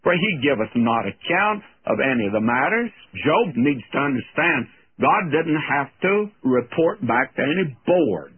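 A man's voice: fairly high pitch, breathy edge. A man giving a verse-by-verse Bible teaching as a radio preacher, reading scripture aloud and then explaining it plainly. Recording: narrow phone-like old radio broadcast.

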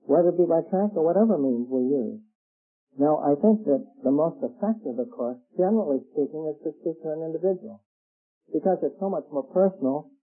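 An older man preaching a radio sermon, telling a story and acting out its characters with sudden high jumps in pitch. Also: slightly rough. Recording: tinny phone-like radio broadcast.

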